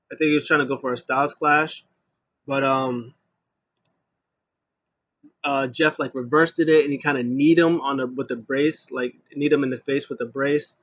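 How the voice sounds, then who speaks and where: A man giving a casual solo review of a wrestling show, rambling with many ums and getting loud when he mimics an announcer. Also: mid-range voice, steady tone, a little slow, pauses often.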